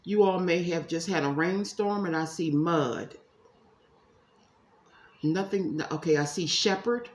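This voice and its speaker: A woman's voice: fairly low pitch, measured pace, long pauses. A woman giving a casual tarot reading to her viewers, chatty and emphatic, calling them y'all. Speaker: psychic tarot reader. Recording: echoey room, faint ambience.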